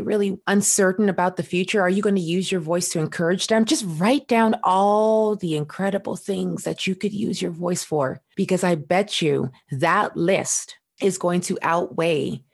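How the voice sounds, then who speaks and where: A woman guest on a podcast, speaking in an emphatic, coaching motivational style with repeated questions. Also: on the low side.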